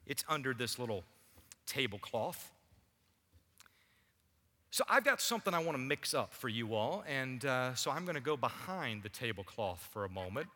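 Animated pastor in a hall. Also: male voice, mid-range voice, normal speed, pauses often. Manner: animated preaching with audience asides. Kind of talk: sermon. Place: church sanctuary. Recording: long church hall reverb.

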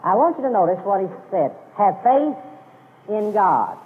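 A man's voice: sits high, big pitch swings, moderate pace, a little hiss or hum. A man preaching a sermon to a congregation, emphatic and repeating his key phrases. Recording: phone-like lo-fi radio broadcast with long reverb.

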